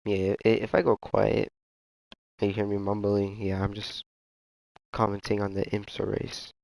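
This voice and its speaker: A man's voice: fairly low pitch, monotone, moderate pace, creaky, darkish tone. A man casually commentating a sim racing league stream, rambling and easygoing with muttered asides. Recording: faint background noise.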